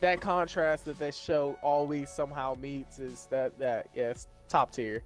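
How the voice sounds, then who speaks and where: A man's voice: mid-range voice, fairly even intonation, a little slow, faint music behind. A man hosting a casual group chat, upbeat and leading the reviews. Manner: upbeat, leads the round of reviews. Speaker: podcast host.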